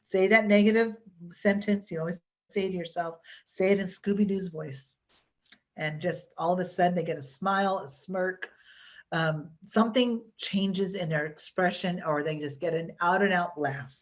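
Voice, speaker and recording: A woman's voice: lowish voice, moderate pace. Chatty woman teaching a hypnosis workshop. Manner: chatty, rambling, many fillers and restarts. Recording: dull lo-fi online workshop audio.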